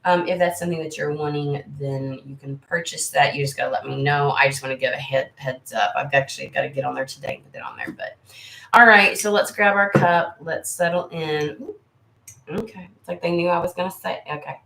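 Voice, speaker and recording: Low-pitched and fairly quick, with vocal fry and a bit of brightness, an American tarot reader hosting her channel chats with viewers on a livestream. She's rambling, candid and swears freely, and the recording has a roomy sound.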